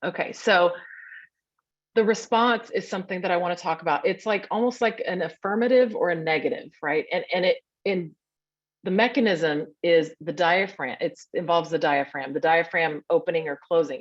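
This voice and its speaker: A woman's voice: lowish voice, normal speed, lo-fi sound. A woman teaching a workshop in a chatty way over a video call, often sounding out little grunts and hums as examples.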